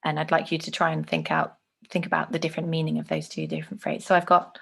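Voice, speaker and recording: A woman teaching an online lesson on speech delivery, clearly demonstrating phrases with changing intonation. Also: low voice, level tone, quick pace.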